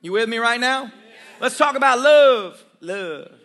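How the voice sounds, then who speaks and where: A male pastor preaching a sermon to his church, calling for responses and rising to shouts, with joking asides. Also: very high voice, animated, measured pace. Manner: call-and-response with congregation.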